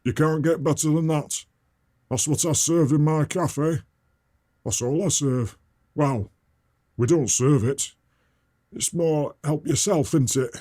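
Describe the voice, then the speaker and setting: A dim, blunt northern cook, put on by a man, speaking in a slow, flat, deadpan way with a Northern English accent. His voice sits high and dark, and it sounds dry and close. He clips his words short to a bare "t-". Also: no echo. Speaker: guest character.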